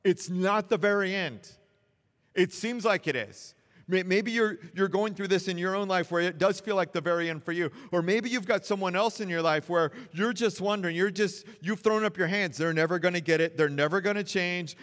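A man's voice: sits high, normal speed, fairly bright tone, big-room sound. A man preaching a sermon in an earnest, encouraging way, repeating phrases for emphasis. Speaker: pastor.

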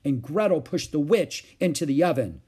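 A man voicing a mischievous, stubborn little girl who protests in a high voice. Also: expressive, a little slow, gravelly, heavily acted. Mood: protesting.

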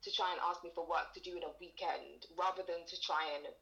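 A woman's voice: on the low side, steady tone, fairly quick, creaky, a bit bright, muffled recording. A young woman speaking candidly in a casual conversation, acting out the lines of people she talks about. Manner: candid storytelling with reenacted quotes. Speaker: guest.

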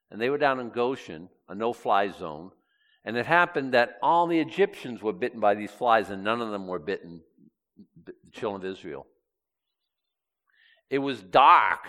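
A man preaching a sermon, reading scripture aloud and swinging between loud and hushed delivery. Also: mid-range voice.

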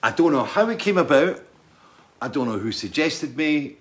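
A middle-aged man, a singer, chatting casually as he answers viewer questions and tells stories in a rambling, halting way. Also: fairly high pitch, lively intonation, a bit bright. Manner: rambling, halting, full of restarts and asides. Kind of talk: casual chat, storytelling.

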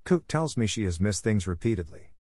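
A man's voice: on the low side, big pitch swings, brisk, warm tone, no echo, studio quality. A man reading as a cold, scolding headmistress. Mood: angry. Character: stern, harsh headmistress.

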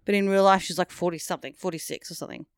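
A woman's voice: fairly low pitch, racing, dry recording, clean studio sound. A woman co-hosting a casual film review podcast, speaking bluntly and animatedly. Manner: blunt, animated, swears freely. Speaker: podcast co-host.

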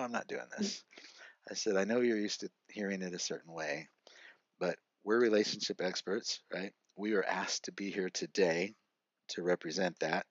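A man's voice: lowish voice, fairly bright tone, dry recording. A middle-aged man, a podcast guest, earnestly telling a personal story with frequent "right?" asides. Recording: dry, slightly muffled lo-fi audio.

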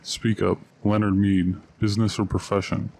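A man voicing a cold robotic police car that questions a suspect in curt, clipped commands, in a low, flat voice. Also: moderate pace, vocal fry, rough recording. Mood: commanding.

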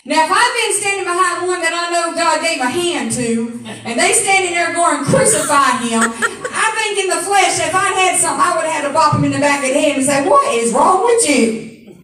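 A woman pastor preaching a sermon in call-and-response, rising to shouts at times. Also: extremely high pitch, brisk, noisy background. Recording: echoey room from far off.

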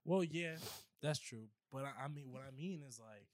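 A man co-hosting a podcast who asks quick either-or questions, laughing and teasing in casual chat. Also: mid-range voice, dry recording, clean studio sound. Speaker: podcast co-host asking questions.

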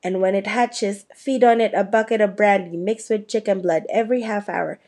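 A woman reads as a big, gruff male groundskeeper, slow and homely as he chats away proudly. The voice is mellow and dark, with an even, middling pitch for a woman. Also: natural voice. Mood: proud, chatty.

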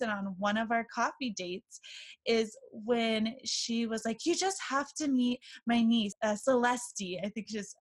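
A woman in her thirties hosting a podcast, telling a story in a chatty, warm way with fillers. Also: medium pitch. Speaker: podcast host. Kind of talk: casual chat.

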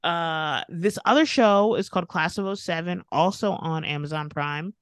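A chatty American woman co-hosts a casual podcast about TV shows, her voice sitting low and close in a dry, dead-sounding space. She laughs often and wanders through restarts and fillers. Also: moderate pace, smooth, no echo. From United States. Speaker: podcast co-host.

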